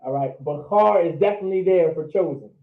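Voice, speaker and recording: Man teaching words over a tinny line. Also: fairly high pitch. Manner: drawn-out repetition of words, informal. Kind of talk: casual online language lesson. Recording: echoey, tinny phone-like audio.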